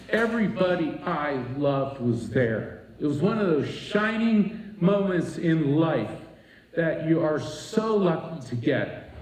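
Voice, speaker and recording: Animated male storyteller on stage, higher voice, roomy hall, distant mic. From East Coast Florida. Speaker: speaker at a retreat. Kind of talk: storytelling talk to a live audience. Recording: echoey room, voice from a distance.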